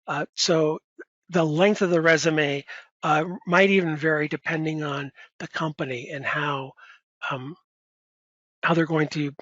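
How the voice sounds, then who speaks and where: A man's voice: fairly high pitch, bright, forceful tone, no room sound, muffled recording. A man, a professor, answering audience questions in a webinar in a conversational way, with many fillers and self-corrections. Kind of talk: webinar Q&A advice.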